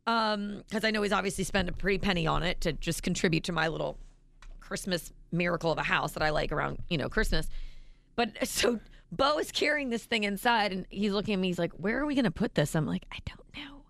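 Woman, thirties, radio co-host, gravelly, dry close sound, animated storytelling. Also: on the low side, fairly quick, dry recording. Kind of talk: casual radio banter.

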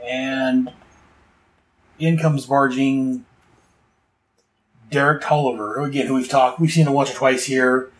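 A man's voice: medium pitch, steady tone, measured pace, long pauses, rough recording. Rambling man recapping a comic. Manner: rambling, full of fillers and asides. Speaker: comic book podcast host. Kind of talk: casual comic review.

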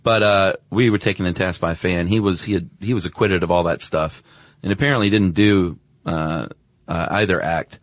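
Deep-voiced man in casual podcast chat. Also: normal speed, no room sound, clean studio sound. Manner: relaxed, conversational, many fillers. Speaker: podcast co-host.

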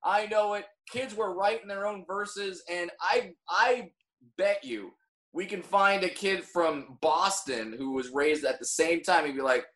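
A man's voice: sits high, unhurried, fairly bright tone. A man from Orange County, California, hosting a comedy podcast, rambling with many restarts and riffing on jokes. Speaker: podcast host. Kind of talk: casual comedy podcast banter.

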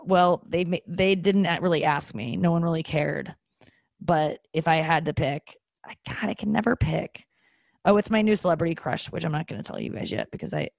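A woman hosts a podcast in a lowish voice, rambling through a candid, self-mocking monologue full of "like" and "um" and half-finished restarts. She sits close to the mic, and the sound is dry and dead, with no room echo at all. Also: creaky, a little mellow. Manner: rambling, with many fillers and restarts. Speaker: podcast host. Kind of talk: casual confessional monologue.

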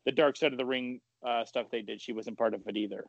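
A man co-hosting a casual talk podcast, animated and blunt, retelling stories with quoted voices and some swearing. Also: medium pitch, quick pace, vocal fry, dry recording, highs cut off. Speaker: podcast co-host. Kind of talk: casual chat.

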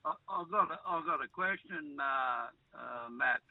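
A man's voice: a little high, lively intonation, measured pace, dry recording, narrow, tinny audio. A male caller to a sports radio show, teasing and a little hesitant as he asks his question.

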